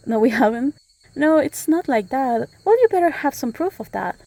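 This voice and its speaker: A woman's voice: high voice, expressive, normal speed, dark tone, no room sound. A woman voicing an angry, suspicious village father who speaks bluntly and accuses. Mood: accusing.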